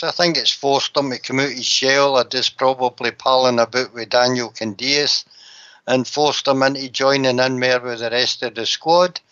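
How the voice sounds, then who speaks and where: A man giving his views on football in casual radio chat, measured and reasoning. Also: mid-range voice, bright, forceful tone. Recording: dull lo-fi broadcast audio.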